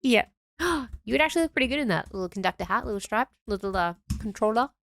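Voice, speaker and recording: Giggly, higher-voiced woman co-host. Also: lively intonation, gravelly, a bit bright. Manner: giggly, playful, reacts with quick interjections. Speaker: podcast co-host. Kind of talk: casual chat.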